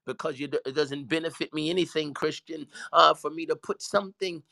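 A man's voice: a little high, fairly quick, creaky, sharp tone, no echo, poor audio. A man, a pastor preaching fervently, breaking into tongues and stammering repeats as he builds. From Southern US. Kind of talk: fervent preaching on a talk show.

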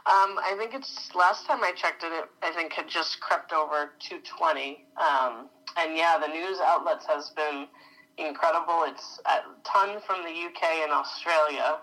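A woman in her thirties from New York, a mother giving a relaxed, friendly podcast interview. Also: low voice, unhurried, low-quality recording. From New York, USA. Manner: friendly, easygoing. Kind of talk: interview answers.

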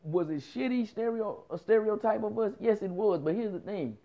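A man talks straight into the mic in a loose, blunt rant, cursing freely and hammering points by repeating them. His voice sits a little high for a man. The sound is dull and lo-fi. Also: lively intonation, normal speed, creaky. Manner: blunt, profane, emphatic with frequent repetition. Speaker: commentator. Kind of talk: casual opinion monologue.

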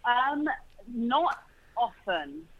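A man's voice: very high voice, big pitch swings, drawn-out words, highs cut off. A man with a British accent, chatting as an interview guest, restarting his sentences and laughing easily. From Britain. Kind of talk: casual interview chat.

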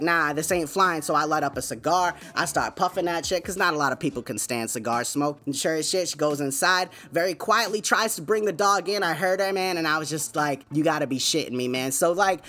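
At home, a podcast host with a high-ish, pushed and bright voice tells a story in a casual monologue. He's laid-back and chatty, dropping plenty of fillers like "man" and "you know what I'm saying."

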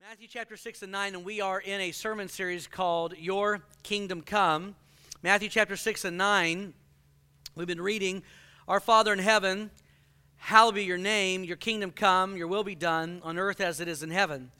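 Male preacher, high and bright, clear tone, lively and jokey delivery. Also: normal speed. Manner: animated, joking, acts out quoted people. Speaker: pastor. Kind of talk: sermon.

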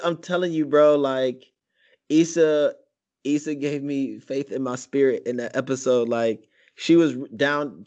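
A man's voice: medium pitch, darkish tone, lo-fi sound. A man co-hosting a casual podcast chat, talking emphatically in slang about a TV episode and agreeing often. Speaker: podcast co-host.

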